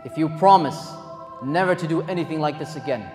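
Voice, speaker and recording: A man voicing a calm, forgiving male shopkeeper in a retold story. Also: on the high side, fairly quick, lightly acted. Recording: long hall reverb, faint music.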